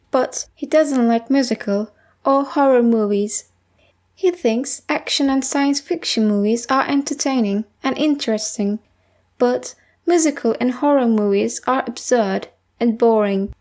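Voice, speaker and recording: A woman reads a simple children's story aloud, slowly and carefully, every word clearly enunciated. Her voice sits high and light, unhurried, like a lesson recording for young learners. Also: darkish tone. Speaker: narrator of a graded reader. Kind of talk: slow scripted storybook reading.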